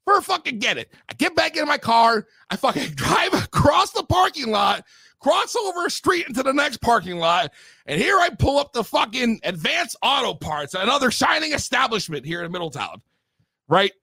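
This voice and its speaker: Give me a high-voiced young male host, profane and animated, on a dry recording. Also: brisk, slightly rough, no room sound. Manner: profane, animated, swings to shouting. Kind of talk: comic rant.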